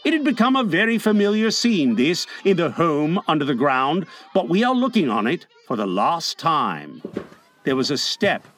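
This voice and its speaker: A man narrating a classic children's story aloud with expressive, playful delivery. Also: fairly high pitch, normal speed, slight background noise.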